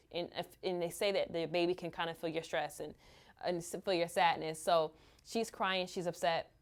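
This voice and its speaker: Woman, lower voice, mother recounting hard times, candid and halting. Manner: halting, open, full of "like" and "you know". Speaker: mother sharing her experience. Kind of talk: candid personal storytelling.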